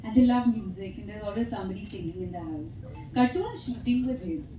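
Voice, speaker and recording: A woman's voice: medium pitch, lively intonation, fast, recorded from a distance, muffled recording. A woman in her thirties with an Indian English accent, an actress telling chatty stories at a press meet and laughing often. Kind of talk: press conference answers. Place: press hall. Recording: echoey hall, faint background noise.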